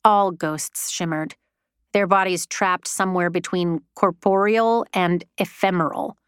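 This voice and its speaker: A woman narrating a story in a measured, unhurried storytelling manner. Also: fairly low pitch, fairly even intonation, smooth, dry recording, studio quality. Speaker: audiobook narrator. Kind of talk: scripted narration.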